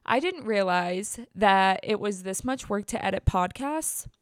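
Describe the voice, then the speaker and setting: A young woman chats alone into her podcast mic from home, open and rambling, laughing at herself as she restarts sentences. Her voice comes through smooth and clear. The room sound is dry and close, with almost no echo. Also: mid-range voice, animated, unhurried. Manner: candid, rambling, self-deprecating with frequent restarts. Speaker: podcast host. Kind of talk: casual solo podcast chat. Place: indoors at home at her computer.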